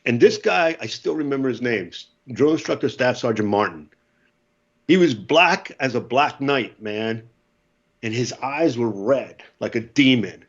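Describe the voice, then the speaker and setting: A man in his fifties from the United States, a podcast guest telling lively war stories and acting out the voices. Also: mid-range voice, unhurried, slightly rough, highs cut off. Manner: animated storyteller, acts out voices, laughs often. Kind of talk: casual storytelling.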